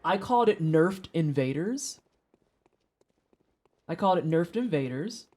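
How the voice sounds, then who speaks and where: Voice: medium pitch, expressive, unhurried, a little mellow. Profane, joking game streamer. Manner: profane, joking, talks to chat. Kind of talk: casual livestream chat while gaming.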